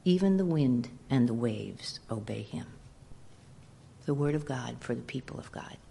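Deep, gravelly woman reading scripture. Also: lively intonation, dark tone. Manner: measured, formal reading. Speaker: scripture reader. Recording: distant, with low rumble.

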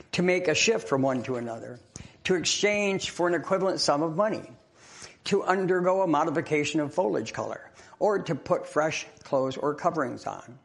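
A man preaching in a church in a loose, conversational way. He laughs along with the congregation and tells a joke story. His voice sits a little high. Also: creaky. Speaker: pastor.

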